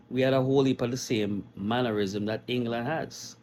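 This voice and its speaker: A man from Jamaica with a Jamaican accent, telling his immigration story in a casual, animated way and laughing often. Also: medium pitch, normal speed, hardly any pauses. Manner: animated, laughs often, mimics other people's questions.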